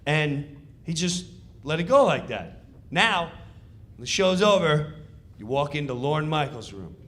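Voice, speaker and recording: Animated man telling a comedy story. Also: on the high side, a little slow. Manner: excited, theatrical, acts out scenes.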